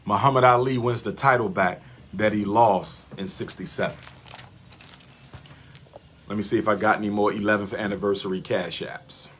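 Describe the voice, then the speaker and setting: A man's voice: on the low side, fairly even intonation, moderate pace, long pauses, a bit bright, slight background noise. A man giving an impassioned livestream lecture, repeating his lines for emphasis in a preacher-like way. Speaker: livestream host.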